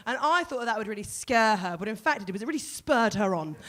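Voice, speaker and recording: A woman's voice: a little high, lively intonation, a bit bright. A woman from Portsmouth, performing a self-deprecating stand-up set at a live comedy venue. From Portsmouth, England. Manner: quick self-deprecating storytelling.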